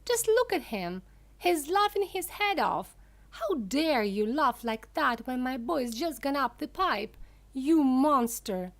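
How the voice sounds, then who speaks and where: A woman voicing a furious, shrieking middle-aged mother in a storybook reading, loud and scolding. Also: high-pitched, animated, a little slow, voice pushed up.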